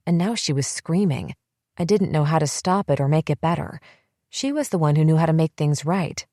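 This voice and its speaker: A woman reading a first-person psychological thriller audiobook in a tense, measured way on a close mic. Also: deep voice, mellow, no room sound. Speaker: audiobook narrator.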